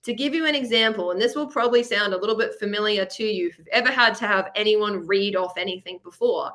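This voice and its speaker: A woman with an Australian accent presents a webinar masterclass for students over a webcam, speaking quickly in a mid-range, fairly bright voice. She's chatty and encouraging, explaining things with examples in an upbeat teaching style.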